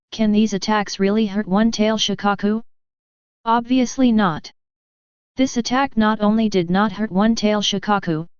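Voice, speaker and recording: A woman narrating a fan fiction audiobook in a steady, even reading. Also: mid-range voice, clean tone, dry recording. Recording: dull lo-fi audio.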